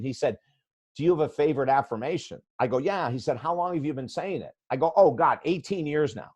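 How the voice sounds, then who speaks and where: A man's voice: fairly high pitch, lively intonation, quick pace, darkish tone. A man in his sixties, a guest life coach telling a story in a podcast interview, blunt and emphatic.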